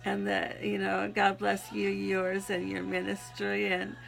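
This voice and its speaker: A woman's voice: medium pitch, completely flat delivery, a little slow, creaky, over music. A woman in her sixties with a Southern accent, giving an earnest religious testimony on her video channel and often breaking into giggles. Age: 60s. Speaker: YouTube Christian vlogger.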